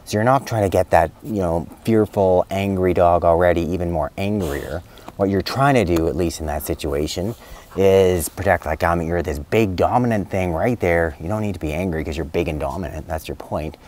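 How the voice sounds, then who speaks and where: Deep-voiced man giving chatty vet advice. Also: normal speed, a little mellow, a little hiss or hum. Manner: chatty, rambling, with many fillers and restarts. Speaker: veterinarian. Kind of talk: casual spoken advice video.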